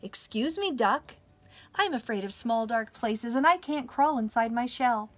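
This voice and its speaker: A man's voice: very high voice, expressive, a little slow. A man voicing a timid young male turtle in a children's storybook read-aloud, polite and earnest.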